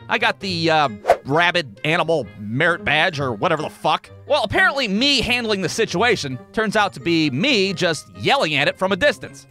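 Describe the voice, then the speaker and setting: Animated, high-voiced male comedic storyteller. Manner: profane, sarcastic, animated. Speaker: cartoon storyteller.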